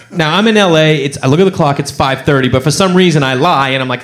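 A man's voice: on the high side, a little fast, few pauses. A man doing stand-up comedy, telling a story in a playful way with lots of asides.

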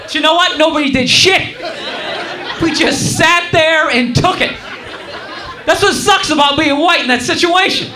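A man's voice: very high voice, fairly quick, crowd noise, background noise. A man doing stand-up comedy, telling a story in a rambling, exasperated way. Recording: roomy live club recording with audience. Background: audience laughter.

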